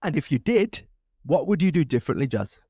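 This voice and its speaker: A man's voice: fairly high pitch, sing-song, brisk, vocal fry, dark tone, breathy edge, dry recording, studio quality. A British man hosting a podcast, chatting with enthusiasm, laughing often and acting out quotes. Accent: British English. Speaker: podcast host. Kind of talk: casual interview chat.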